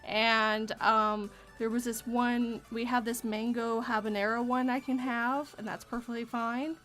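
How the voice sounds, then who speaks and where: A Canadian woman hosts a relaxed podcast chat, talking freely and laughing often. Her voice sits a little high, with faint music playing softly beneath it. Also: a little slow. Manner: giggly, chatty. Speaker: podcast host. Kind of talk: casual chat.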